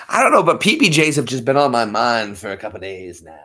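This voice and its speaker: A man's voice: medium pitch, expressive, quick pace, sharp tone. A man chatting casually on a live stream in a rambling, jokey way. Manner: rambling, jokey, breaks into voices.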